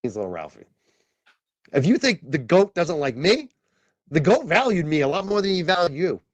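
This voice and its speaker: A man's voice: on the high side, very animated, moderate pace, no room sound. A man in a played clip, talking in a mocking, dismissive way.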